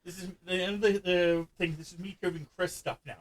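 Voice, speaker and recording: A man hosting a casual let's-play, talking fast and loud in a hyper rush. His voice sits a little higher than most men's. He chats with fellow players about his game. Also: fairly even intonation, poor audio. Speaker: gaming channel host. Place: hot room at home.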